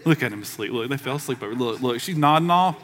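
A middle-aged man, preaching a sermon in a church in a lively, conversational way that acts out the voices he quotes. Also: mid-range voice, quick pace, slight background noise. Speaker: pastor. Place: church sanctuary.

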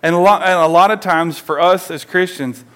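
Lively conversational male pastor preaching. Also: sits high, moderate pace. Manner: animated, conversational preaching with call-and-response. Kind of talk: sermon.

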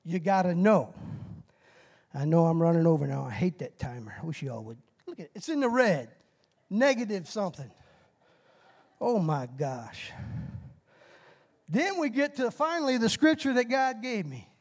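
Middle-aged lay preacher with a high, light voice. Folksy and fired up, calls for responses and whoops. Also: male voice, moderate pace, pauses often. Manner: excitable, bursts into shouted whoops; folksy, self-deprecating about his nerves. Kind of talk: short timed sermon with call-and-response.

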